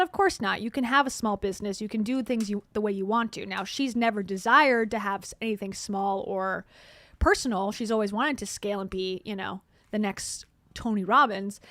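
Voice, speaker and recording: A woman's voice: mid-range voice, fairly bright tone, no echo. Sarcastic woman commenting on clips. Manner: sarcastic, wry asides. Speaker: commentary host.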